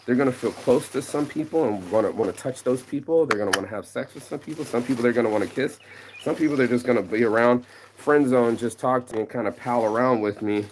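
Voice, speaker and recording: A man's voice: medium pitch, quick pace, a little hiss or hum. A man ranting in a casual outdoor vlog, rambling and slangy, telling a story with lots of energy. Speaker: vlogger. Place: outdoors among trees.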